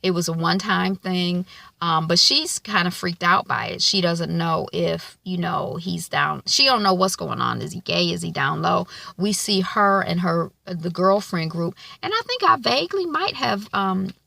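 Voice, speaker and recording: A woman's voice: on the low side, lively intonation, moderate pace, vocal fry, bright, forceful tone, dry recording. A woman giving a casual spoken recap of a TV episode, chatty and loose, with many filler ums. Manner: colloquial, loose grammar. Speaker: TV episode reviewer.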